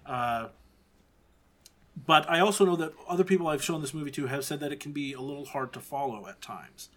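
Higher-pitched man defending a film. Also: a little fast, fairly bright tone. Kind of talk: casual film discussion.

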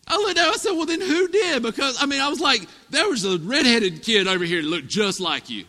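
A man in his thirties preaching a sermon, telling family stories with animated, emphatic delivery. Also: high-pitched, fast. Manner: storytelling, animated, rising to emphatic peaks. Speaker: pastor. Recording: echoey hall reverb.

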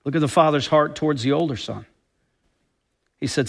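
Man, pastor, high voice, impassioned sermon, emphatic. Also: moderate pace, vocal fry, long pauses. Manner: impassioned, emphatic preaching with quoted dialogue.

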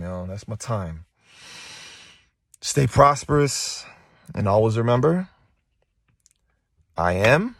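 A man's voice: fairly low pitch, dry recording, studio quality. A man hosting a motivational podcast, talking emphatically and profanely into his phone and hammering points home by repeating phrases. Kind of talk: casual motivational monologue. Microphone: phone held while talking.

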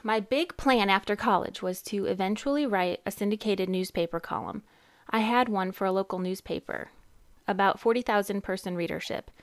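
Chatty thirties woman hosting a podcast, rambles and laughs, average-pitched voice. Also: moderate pace. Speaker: podcast host and therapist. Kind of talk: casual podcast chat.

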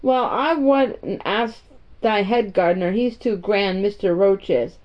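A woman's voice: medium pitch, unhurried, lightly acted. Woman doing a chatty maid. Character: cheerful young Yorkshire housemaid. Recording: muffled lo-fi recording.

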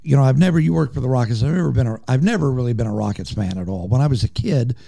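An older man co-hosting a podcast, a former sports reporter, talking in a reflective, drawn-out way. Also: mid-range voice, expressive, gravelly, dark tone, dry recording. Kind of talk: casual interview.

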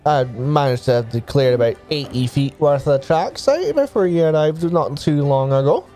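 Man doing a gruff Scottish village gardener. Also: a little high, animated, normal speed, dark tone, faint music behind, close to an everyday voice. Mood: gossipy. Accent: put-on Scottish. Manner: folksy, calls people "boy".

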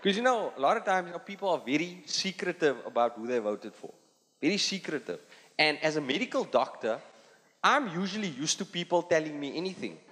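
A man with a South African Indian accent delivers a stand-up set in a high, bouncing voice that rises and falls constantly. He slips into quick character voices as he goes. The recording comes from a live theatre, with long hall reverb and a loud audience underneath. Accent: South African Indian English. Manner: animated, acts out characters in quick put-on voices. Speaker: stand-up comedian.

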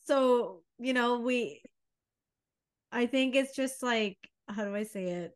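A woman's voice: fairly high pitch, slow pace, clear, resonant tone. A woman co-hosting a podcast in casual chat, rambling through analogies and laughing often. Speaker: podcast co-host.

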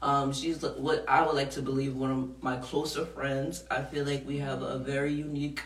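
A woman's voice: a bass voice, level tone, moderate pace, echoey room, recorded from a distance. A woman hosting a podcast in a studio, talking casually and frankly, laughing often and swearing freely. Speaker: podcast host.

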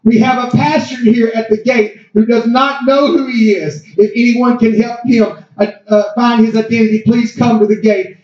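A preacher putting on a composed female gate agent making an announcement over the terminal speakers. The delivery is polite and high-pitched, in a dull, echoing room. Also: steady tone, moderate pace, a little mellow.

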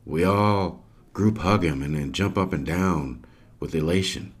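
Deep-voiced man telling a story slowly. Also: breathy edge. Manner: earnest, emotional storyteller. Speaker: podcast host. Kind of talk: storytelling narration.

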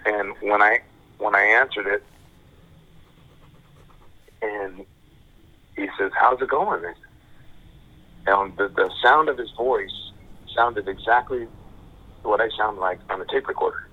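A man's voice: on the low side, steady tone. Older man on a tinny phone line. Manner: halting, repeats words and restarts. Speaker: guest. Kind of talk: casual storytelling.

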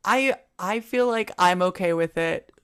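Lower-voiced american woman, podcast cohost, quick and playful, teasing. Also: fairly bright tone, smooth. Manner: quick, playful, self-mocking. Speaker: podcast co-host. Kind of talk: casual chat.

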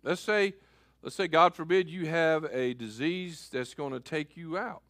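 A man preaching a sermon as pastor, switching between loud calls and quiet asides. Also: a little high, measured pace, dry recording.

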